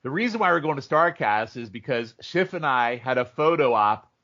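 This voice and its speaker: A man co-hosting a podcast, telling stories in animated, rambling casual chat and jumping into goofy impressions. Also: medium pitch, normal speed. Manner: animated storyteller, mimics people in funny voices. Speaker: podcast co-host. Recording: dull lo-fi audio.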